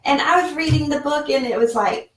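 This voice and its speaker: Speaking high, brisk and a bit bright, a woman in her forties rambles through a casual talking-head vlog from her home office, dropping in lots of fillers. She sells online and vlogs, and the mic sits far back, leaving a roomy echo.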